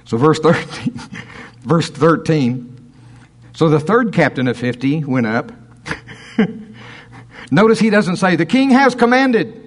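A man's voice: on the high side, lively intonation, slow, pauses often. A man preaching a sermon, reading scripture aloud and breaking off into chuckling asides.

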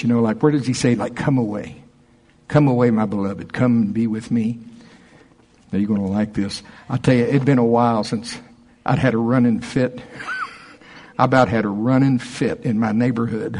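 A man preaching a sermon to his congregation, animated and excitable, slowing down to read scripture with care. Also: mid-range voice, slightly rough. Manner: animated, excitable, breaks into laughter and shouts; reads scripture slowly and deliberately. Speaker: pastor.

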